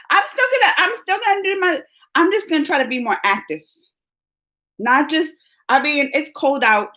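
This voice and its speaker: A middle-aged woman hosting a casual live stream, chatting with viewers and telling stories with frequent laughs. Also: fairly high pitch. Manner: chatty, animated storytelling with laughs. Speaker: live-stream host reading chat.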